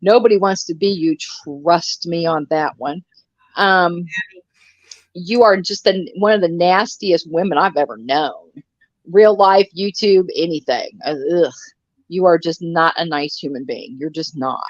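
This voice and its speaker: A woman's voice: fairly low pitch, a little slow, no room sound, lo-fi sound. Blunt, profane woman in her sixties. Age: 60s. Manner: blunt and profane, ranting with sarcasm. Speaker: co-host of a live commentary stream. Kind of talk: casual live-stream chat.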